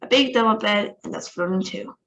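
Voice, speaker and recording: A woman's voice: mid-range voice, brisk, creaky, fairly bright tone, muffled recording. A woman reading aloud, voicing a brash, cheeky male astronaut. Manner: brash, sassy.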